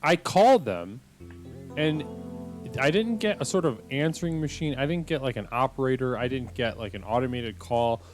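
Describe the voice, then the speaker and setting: A male host doing improvised comedy banter, deadpan and patient, often restarting his sentences. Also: medium pitch, normal speed, over music.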